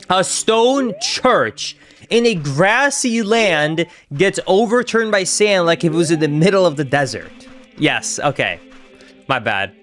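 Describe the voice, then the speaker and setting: Young male streamer, lively swooping delivery, slightly higher voice, faint music behind. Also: slow pace. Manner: excitable, chatty, reacts aloud to the game and chat. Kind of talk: live gameplay commentary.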